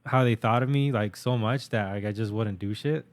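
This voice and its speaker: A man's voice: fairly low pitch, normal speed. A young man co-hosting a podcast, telling stories in a rambling, profane casual chat with many fillers. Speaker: podcast co-host.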